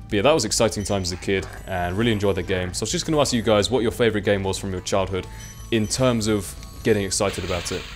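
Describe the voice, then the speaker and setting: Young guy as a let's play commentator, chatty and rambling, lowish voice, faint game music behind. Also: fast, few pauses. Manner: chatty, rambling, self-mocking. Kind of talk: casual gameplay commentary.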